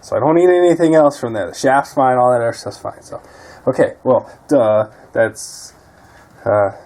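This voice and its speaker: A man's voice: mid-range voice, normal speed, a little mellow. A man talking casually while repairing a quad in his garage, muttering and cursing often. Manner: profane, frustrated muttering. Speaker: DIY mechanic vlogger.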